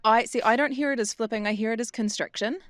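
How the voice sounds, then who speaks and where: A woman's voice: a little high, quick pace, no echo. A woman co-hosting a voice-acting podcast, chatting casually and breaking down vocal technique in anatomical terms. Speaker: voice actor podcast co-host. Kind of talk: casual chat about voice technique.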